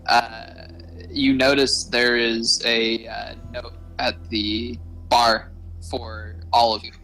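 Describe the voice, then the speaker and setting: A man narrating a tabletop game as game master, slow and hesitant with many pauses and filler sounds. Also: mid-range voice, flat delivery, gravelly, sharp tone, low-quality recording.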